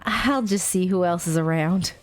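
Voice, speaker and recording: A woman's voice: lowish voice, normal speed, soft background music, close to an everyday voice. A woman voicing a friendly young Southern woman passenger in a put-on Southern accent, drawling and calling people darling. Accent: put-on American Southern.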